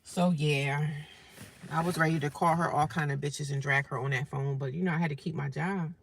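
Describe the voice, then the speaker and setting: A woman with a deep voice, steady tone, and vocal fry speaks a little fast as she tells a blunt, profane story about a rude customer. She's a New Jersey vlogger, laughing often and mimicking callers in exaggerated voices in a casual rant. A little hiss or hum is audible.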